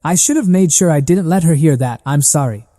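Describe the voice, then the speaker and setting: A man voicing an earnest young girl who was once a spy, in a plain even reading. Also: a little high, a little fast, big-room sound, lightly acted.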